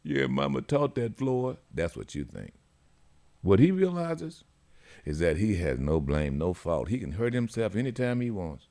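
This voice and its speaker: A man hosting a radio talk show, telling stories in a lively way and acting out the people in them. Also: deep voice, normal speed. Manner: animated storytelling, acts out the people in his stories. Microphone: studio mic.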